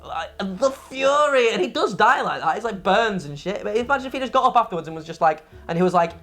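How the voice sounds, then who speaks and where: Woman reviewer, mid-pitch, casual talk; rants, swears, sounds exasperated and animated, with faint music underneath. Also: fast. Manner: exasperated ranting, profane, animated. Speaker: game reviewer co-host.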